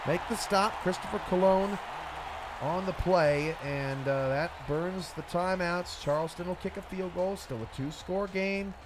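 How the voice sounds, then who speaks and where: Excitable higher-voiced play-by-play man. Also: background noise. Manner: rapid play calls, rising to shouts on big plays. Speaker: play-by-play commentator. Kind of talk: esports football commentary.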